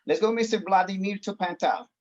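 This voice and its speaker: A man's voice: sits high, fairly quick, dull audio. Man, English teacher, encouraging, video call class. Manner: encouraging, mixes in Spanish explanations. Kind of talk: online class instruction.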